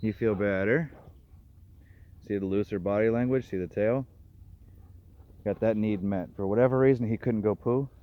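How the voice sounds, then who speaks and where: A man's voice: fairly low pitch, normal speed, long pauses. Man training dogs on an outdoor walk. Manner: calls out to dogs, explains their behavior. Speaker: dog trainer. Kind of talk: narrating a dog walk. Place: outdoors on a trail. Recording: dull lo-fi outdoor recording.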